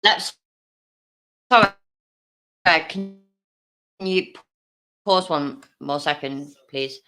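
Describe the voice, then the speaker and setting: Slow, bright-voiced sarcastic woman streamer. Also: sits low. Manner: sarcastic, blunt, swears freely. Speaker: livestream host reacting to a video. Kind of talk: casual live-stream commentary.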